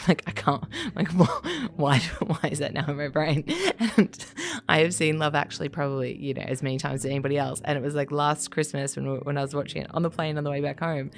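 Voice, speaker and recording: A woman with an Australian accent talks things through casually, pausing on fillers and restarting her thoughts. Her voice sits low and has a gravelly edge. Faint music hums underneath. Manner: conversational, hesitant, many fillers and restarts, laughs often. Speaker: writer. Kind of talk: reflective casual interview talk. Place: living in Scotland.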